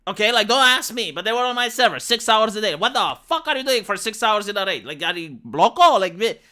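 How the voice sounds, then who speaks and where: On a laid-back livestream, a streamer with a Romanian accent who used to lead raids goes on an animated, blunt rant about it, cursing freely. His pitch is medium and his pace brisk.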